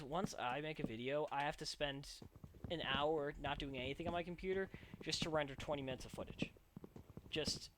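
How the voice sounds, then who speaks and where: Rambling young man, noisy home recording. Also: fairly high pitch. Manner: rambling, self-mocking, chatty asides. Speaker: let's play host. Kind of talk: casual gameplay commentary.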